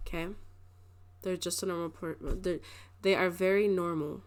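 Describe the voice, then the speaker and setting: A woman's voice: lowish voice, steady tone, normal speed, slight background noise. Chatty, rambling woman tarot reader. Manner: chatty and rambling, with frequent restarts and laughter. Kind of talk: casual pick-a-card tarot reading.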